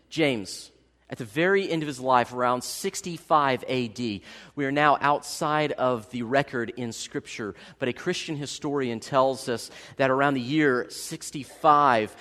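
A man preaching a sermon as pastor, telling stories with big swings from loud, excited bursts to hushed, solemn passages. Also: medium pitch. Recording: long hall reverb.

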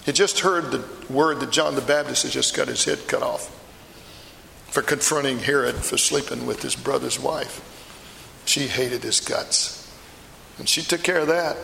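Passionate middle-aged fisherman apostle Peter, played by a man in a sermon, bright edge, long hall reverb. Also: medium pitch, a little slow, vocal fry, slight background noise, heavily acted. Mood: earnest. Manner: storytelling, emphatic, confiding asides. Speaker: preacher performing a first-person monologue. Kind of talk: dramatic monologue sermon.

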